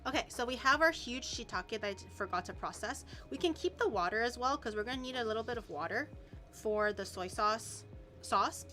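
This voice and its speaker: Young woman streamer, bright higher voice, chatty, talks through recipes while cooking. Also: animated, a little fast, soft background music. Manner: chatty, explains steps, swears casually. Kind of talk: casual cooking stream chat.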